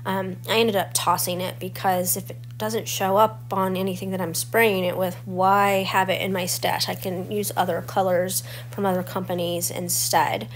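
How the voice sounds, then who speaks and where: With hardly any pauses, a woman speaks at normal speed in a level, low-leaning voice. She's a scrapbooking channel host in her forties, stuffy and slightly crackly with a cold, chatting and explaining each step of a crafting tutorial voice-over.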